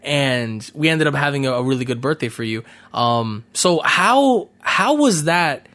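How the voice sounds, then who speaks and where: A man hosts a relaxed conversation, talking quickly and chattily. His sentences stop and restart with plenty of ums as he works through his questions. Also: medium pitch. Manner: rapid, chatty, frequent ums and self-corrections. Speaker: podcast host. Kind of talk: casual conversational interview.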